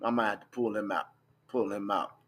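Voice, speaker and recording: A man's voice: on the low side, fairly even intonation, brisk, fairly bright tone. A young man, talking bluntly and profanely in a casual livestream, scrolling through screenshots as he goes. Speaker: vlogger.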